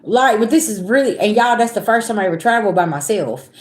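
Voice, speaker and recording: A woman's voice: mid-range voice, quick pace. Blunt woman telling a story, roomy echo. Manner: animated, emphatic, blunt and profane. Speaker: spiritual reader vlogger. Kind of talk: casual storytime to viewers.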